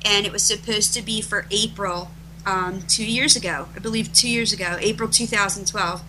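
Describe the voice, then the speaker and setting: A middle-aged woman, a guest being interviewed, telling stories emphatically and restarting her phrases as she rushes ahead. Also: medium pitch, steady tone, pushed and bright, slight background noise, rough recording. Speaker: interview guest, event organizer. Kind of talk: animated storytelling in conversation.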